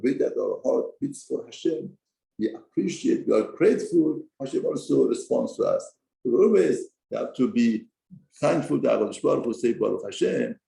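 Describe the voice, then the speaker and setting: A man giving a Torah class, telling a story with lively emphasis and broken English phrasing. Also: medium pitch, normal speed, vocal fry, reverberant, rough recording. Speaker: Torah teacher. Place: study hall.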